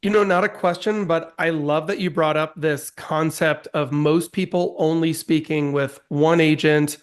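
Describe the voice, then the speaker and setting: A man's voice: a little high, steady tone, unhurried, clear, resonant tone. A man co-hosting a webinar discussion, chiming in with enthusiastic, emphatic remarks.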